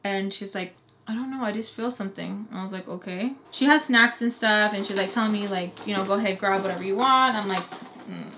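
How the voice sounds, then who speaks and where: A woman's voice: mid-range voice, fairly quick, bright, forceful tone, slight background noise. A young woman chattily retelling a personal story, acting out both sides of the conversations and using "like" a lot. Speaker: storytime vlogger. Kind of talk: casual storytelling.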